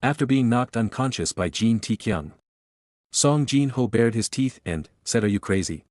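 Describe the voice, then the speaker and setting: A man narrating a comic story recap in a plain, even reading manner. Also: mid-range voice, measured pace, no room sound, studio quality.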